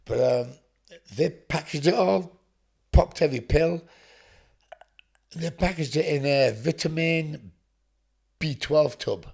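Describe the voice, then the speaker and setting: A man's voice: a little high, takes it slowly, gravelly, long pauses, a little mellow, husky. A man from England, a podcast guest, telling his story bluntly, swearing often and acting out what people said. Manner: blunt, swearing, acts out dialogue. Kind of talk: storytelling interview.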